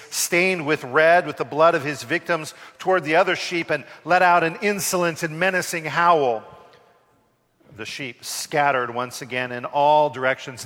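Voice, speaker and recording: A man telling a parable in a slow, deliberate, dramatic way, recorded in a reverberant hall. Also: on the high side, pushed and bright. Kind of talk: told parable, storytelling.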